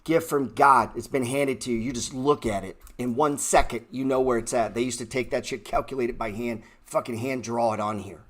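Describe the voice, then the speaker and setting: A man's voice: medium pitch, fairly even intonation, a little fast, few pauses, a bit bright. A man hosting a trading livestream, ranting bluntly and swearing heatedly from his computer. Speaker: trading show host.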